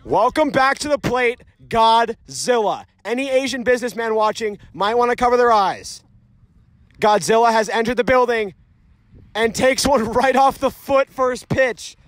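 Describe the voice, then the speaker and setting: A man's voice: extremely high pitch, moderate pace, hardly any pauses, no echo. Joking young man calling a backyard game. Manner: joking, excitable, shouts on big hits. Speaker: play-by-play commentator. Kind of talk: casual amateur sports commentary. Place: outdoors at a backyard ball field.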